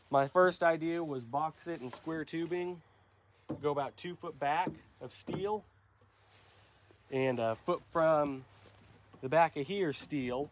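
Young guy with a stuffy nose from a cold, rambly casual vlog talk, some faint noise behind. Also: fairly high pitch. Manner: rambling, unscripted, many fillers. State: nasal from a cold. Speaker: channel host.

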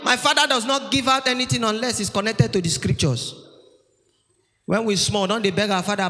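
Nigerian guy doing standup in a big echoey church hall, high sharp voice, shouts the punchlines. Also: quick pace. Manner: animated storytelling, shouting punchlines, acting out family members. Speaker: stand-up comedian. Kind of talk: stand-up comedy in Pidgin-laced English. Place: large church hall stage. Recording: live hall with long reverb and faint music.

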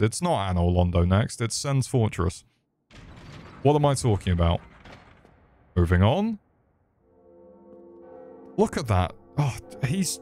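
A man's voice: fairly low pitch, darkish tone. A man giving crude, joking commentary over gameplay, swearing freely and mocking the enemies. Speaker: gaming video creator.

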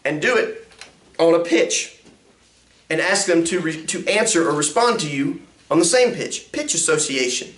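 Man, pastor, high voice, lively swooping lecture, echoey room. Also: moderate pace. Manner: animated, swooping up and down in pitch; acts out sounds and quotes with big pitch jumps. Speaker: pastor teaching a music ministry course. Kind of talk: classroom lecture. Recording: roomy echo.

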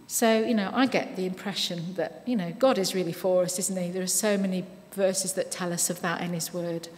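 A woman giving a sermon in a church, speaking conversationally and reading scripture slowly and with care. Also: fairly low pitch, steady tone. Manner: warm conversational preaching with frequent "you know"; reads scripture slowly and deliberately. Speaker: preacher. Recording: long reverb of a church hall.

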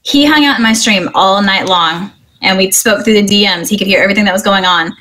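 A woman's voice: mid-range voice, brisk, pushed and bright. A middle-aged woman from Missouri, a guest streamer talking earnestly and cheerfully, with plenty of "um" and "you know" and frequent giggles. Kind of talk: casual interview chat.

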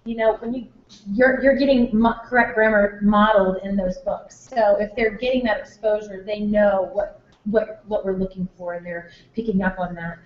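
A woman's voice: medium pitch, steady tone, normal speed. A woman teacher presenting a workshop to parents, chatty, with many fillers and restarts. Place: school room or hall. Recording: echoey room, dull lo-fi sound.

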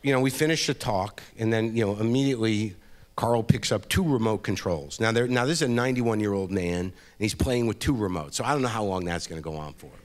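A man's voice: fairly low pitch, fairly quick. Middle aged comic guy rambling thru a story on stage, dry wry delivery. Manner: wry, rambling, lots of "you know" and "like". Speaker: comedian. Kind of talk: live storytelling reading. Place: event stage.

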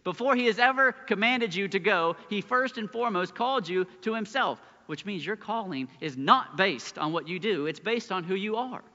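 A man preaching a sermon as pastor, earnest, swinging between loud emphasis and hushed lines. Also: high voice, expressive, normal speed, hardly any pauses. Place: church sanctuary. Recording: muffled church recording with long hall reverb.

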